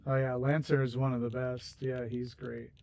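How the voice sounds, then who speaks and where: A man's voice: mid-range voice, little pitch movement, normal speed, gravelly, darkish tone, a little hiss or hum. A man hosting a game livestream, chatting casually and rambling with viewers while he builds, laughing easily. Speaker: livestream host.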